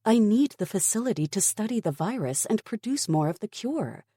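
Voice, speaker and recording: Defiant woman scientist, read by the narrator for an audiobook; insistent, pleading, lively husky delivery. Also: mid-range voice, measured pace, dry recording, clean studio sound, voice pushed up. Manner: insistent, pleading, rising to anger. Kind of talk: audiobook character voice.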